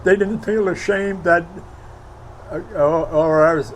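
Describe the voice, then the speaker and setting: A man in his nineties from Brooklyn, recounting his war memories in an interview, halting with many fillers and heartfelt. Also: a little high, steady tone, a little hiss or hum, rough recording. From Brooklyn, New York. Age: 90s. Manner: heartfelt, emotional recollection. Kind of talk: oral history interview.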